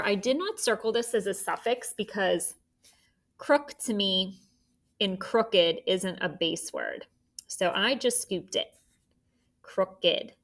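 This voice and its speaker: A woman teacher guides young students through a phonics spelling lesson. She talks slowly, sounding out each word and letter with careful, deliberate enunciation. Her voice is bright and clear. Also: mid-range voice.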